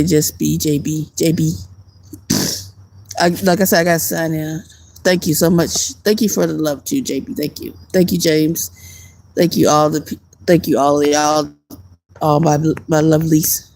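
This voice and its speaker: A woman's voice: low-pitched, fairly even intonation, moderate pace, darkish tone, low-quality recording. Laid-back woman chatting on a night stream. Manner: laid-back, chatty, laughs often, thanks viewers. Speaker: streamer answering chat. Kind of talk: casual live-stream chat. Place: outdoors at night.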